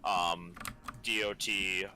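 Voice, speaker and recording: A man chatting casually, talking in a deliberate way and repeating and restarting his phrases. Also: low voice, steady tone, background noise. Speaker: friend chatting on stream. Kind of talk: casual chat.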